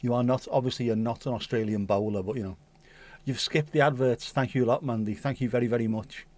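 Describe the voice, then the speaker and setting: Casual male stream host at an everyday pitch, jokey and rambling. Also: steady tone, quick pace, a little mellow. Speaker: livestream host. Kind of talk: casual livestream chat with viewers.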